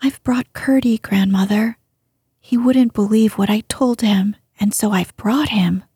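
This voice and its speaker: A woman voicing an eager, earnest young princess girl in a storybook reading, with a soft breathy voice. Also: mid-range voice, unhurried, no room sound, clean studio sound. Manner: earnest, insistent questioning.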